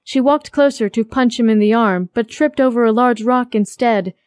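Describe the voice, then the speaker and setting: A woman reading a contemporary romance audiobook aloud, her voice fairly high. The sound is close and completely dry, like a treated booth, and her storytelling is steady and even. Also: no echo. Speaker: audiobook narrator. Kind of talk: scripted narration.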